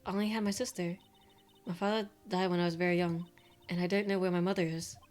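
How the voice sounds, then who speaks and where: A woman voicing a subdued young spirit medium in a video game, speaking softly and hesitantly. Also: lowish voice, level tone, fast talker, faint music behind, natural voice. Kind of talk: reading game dialogue aloud.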